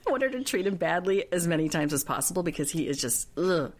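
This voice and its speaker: A low-pitched woman chatting as a podcast co-host. She retells scenes in an animated way and quotes people in put-on voices. The talk is loose, casual and quick to joke. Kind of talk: casual chat recapping a reality show.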